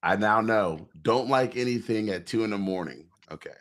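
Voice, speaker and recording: A man's voice: lowish voice, normal speed, fairly bright tone. A man co-hosting a casual podcast, laughing and defending himself in an easygoing way.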